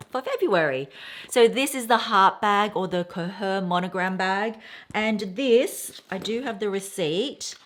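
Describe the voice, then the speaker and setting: A woman's voice: mid-range voice, fairly bright tone. A woman in her thirties chatting casually as a vlogger, rambling and telling a story while unboxing. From Australia. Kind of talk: casual haul chat.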